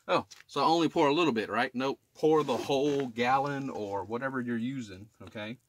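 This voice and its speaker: A man's voice: mid-range voice, a little fast, slight background noise. A middle-aged man, an HVAC technician, talking through a drain line cleaning in a casual how-to, often checking in with "okay?". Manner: plain-spoken, repeats "okay?" to check in with viewers. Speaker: HVAC technician demonstrating maintenance. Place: residential attic. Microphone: camera filming himself while working.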